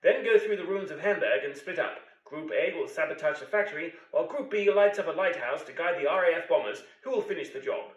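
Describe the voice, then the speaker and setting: A man's voice: fairly high pitch, animated, fairly quick, few pauses, roomy sound, distant mic, muffled recording, close to an everyday voice. A man voicing a 1940s British wartime mission briefer in a put-on period British accent, giving a clipped, formal briefing.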